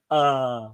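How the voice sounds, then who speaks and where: A man co-hosting a casual fan podcast, animated and quick to laugh, often restarting his sentences. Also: medium pitch, smooth. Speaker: podcast co-host.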